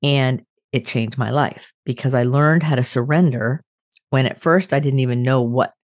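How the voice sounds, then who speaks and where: A woman's voice: a bass voice, moderate pace, dry recording. An older woman hosting a podcast, sharing personal stories in an earnest, reflective way with frequent restarts. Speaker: podcast host. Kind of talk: reflective spiritual talk.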